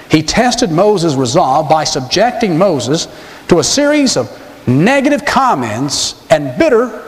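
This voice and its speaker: A man preaching a sermon as pastor, telling a scripture story with animated, dramatic emphasis. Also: on the high side. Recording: long reverb of a large hall.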